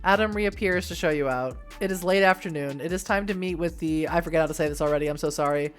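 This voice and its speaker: A woman's voice: low voice, fast, hardly any pauses, faint music behind. A woman reading an interactive novel aloud and breaking off for chatty asides, laughing and apologizing when she trips over names. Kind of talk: reading game text aloud with casual asides.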